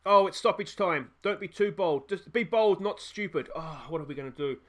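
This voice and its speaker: Excitable Australian man calling his game. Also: high-pitched, normal speed. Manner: excitable, shouts at goals, frets over tactics aloud. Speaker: gaming YouTuber. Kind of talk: let's play commentary.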